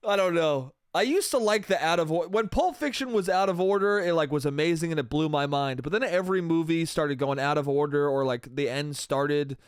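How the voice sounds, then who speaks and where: A man's voice: a little high, brisk, few pauses, clean tone, dry recording, studio quality. Rambling solo podcast man saying dude. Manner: rambling, says "dude" and "bro" a lot, swearing. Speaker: podcast host. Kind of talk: solo comedy podcast monologue.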